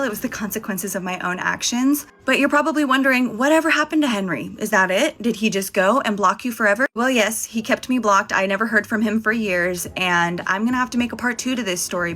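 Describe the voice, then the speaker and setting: A woman's voice: mid-range voice, a bit bright. A young woman telling a casual storytime vlog story, candid and chatty, swearing freely. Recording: faint music behind.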